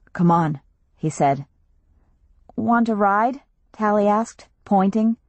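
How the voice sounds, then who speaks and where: A woman narrating an audiobook in a steady, measured reading voice, recorded on a close studio mic. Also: lowish voice, no room sound.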